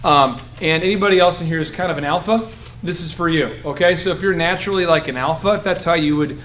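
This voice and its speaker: Animated high-voiced male business coach. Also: fast talker, slight background noise. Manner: animated, joking, acts out quoted voices. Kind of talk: coaching workshop talk.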